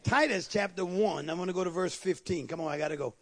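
A man preaching a fervent sermon in a church service, calling out to the congregation and breaking into quick asides. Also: sits high, a bit bright.

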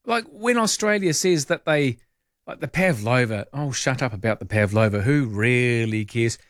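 Middle-aged kiwi guy hosting radio, mid pitch, jokey mock outrage, voice shoots up on questions, dry studio sound. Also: lively intonation, normal speed, no room sound. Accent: New Zealand. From New Zealand. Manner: playful, indignant tongue-in-cheek asides with sudden high pitch jumps. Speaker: radio host. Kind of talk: casual talk radio chat.

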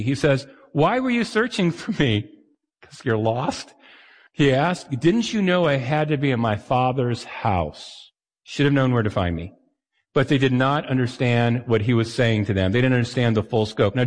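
A man's voice: fairly high pitch, in a large hall. A man preaching a sermon as a pastor, chatty and wry, acting out the voices he quotes.

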